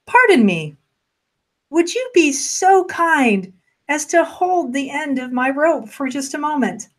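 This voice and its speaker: A woman narrator voicing a calm, insistent woman who hangs from a rope and politely pleads to be held. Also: a little high, unhurried, natural voice. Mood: pleading.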